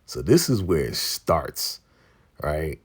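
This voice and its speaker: Husky low-voiced man recapping a show. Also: slow pace. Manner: excitable, acts out quotes. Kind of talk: casual episode recap.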